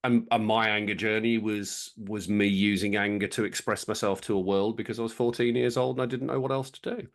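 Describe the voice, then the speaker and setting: A man's voice: fairly low pitch, steady tone, brisk, few pauses. A man co-hosting a podcast, reflecting openly and repeating words as he thinks aloud. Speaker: podcast co-host. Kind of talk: candid conversational chat.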